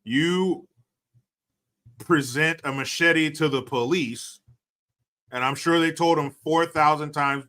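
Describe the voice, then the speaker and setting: A man on a casual livestream, thanking donors and riffing on their messages. His voice is bright and forceful, and he talks bluntly, jokes a lot and swears freely. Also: on the high side, slow, long pauses. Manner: profane, joking and blunt. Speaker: livestream host. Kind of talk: casual livestream chat reading donations.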